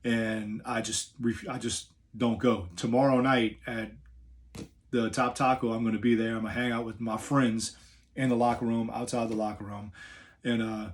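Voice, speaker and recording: A man's voice: mid-range voice, little pitch movement, moderate pace. A middle-aged man from the New Orleans area with a New Orleans accent, a wrestler telling a story in a laid-back, rambling way with many fillers. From New Orleans area, USA. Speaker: professional wrestler. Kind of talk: casual storytelling.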